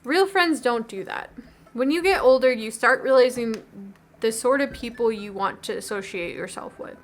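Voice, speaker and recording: A woman's voice: fairly high pitch, moderate pace, lightly acted. A woman reading as a caring, jokey dad. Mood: advising. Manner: earnest, gently teasing. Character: caring, jokey single father.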